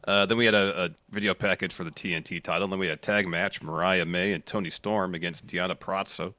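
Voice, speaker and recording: Deep-voiced guy with a sharp edge, relaxed recap talk, dry mic. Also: quick pace, no room sound. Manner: relaxed play-by-play, some restarts. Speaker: podcast co-host. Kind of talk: casual wrestling recap chat.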